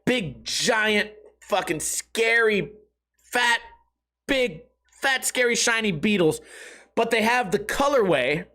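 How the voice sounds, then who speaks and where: Guy with a pretty high voice rambling on his podcast, swears a lot, pokes fun at himself. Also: animated, slow, pushed and bright. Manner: profane, self-mocking, rambling storytelling. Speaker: podcast host. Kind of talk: casual podcast monologue.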